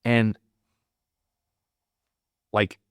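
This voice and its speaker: A man's voice: extremely slow, no echo, studio quality. A man and podcast guest, a Marine veteran, telling stories in a casual way. He swears often and rambles, with many "like" fillers. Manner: profane, rambling, full of "like" fillers. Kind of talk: casual storytelling.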